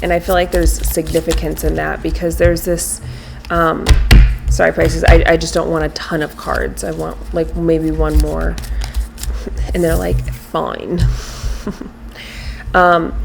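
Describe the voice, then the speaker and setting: A woman's voice: lowish voice, slight background noise. Casual chatty woman tarot reader. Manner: casual, chatty, drops to soft murmurs while shuffling. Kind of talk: tarot reading monologue. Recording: music in background. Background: clear background music, shuffling cards.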